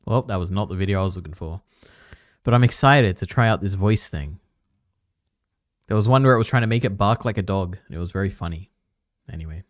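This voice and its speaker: A man's voice: sits low, brisk, long pauses, no echo, clean studio sound. A man streaming casually, reading on-screen text aloud, trailing off and muttering to himself. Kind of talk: casual live-stream commentary.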